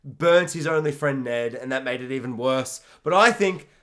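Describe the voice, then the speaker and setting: A young man co-hosting a casual podcast chat over a video call, excitable and jokey, shouting and swearing as he riffs. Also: mid-range voice, normal speed. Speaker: podcast co-host. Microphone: webcam and mic on a video call.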